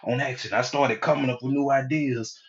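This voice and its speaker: A man's voice: mid-range voice, fairly even intonation, a little fast, muffled recording. A middle-aged man giving a casual, preachy motivational talk as a hypnotherapist, acting out quoted people as he goes.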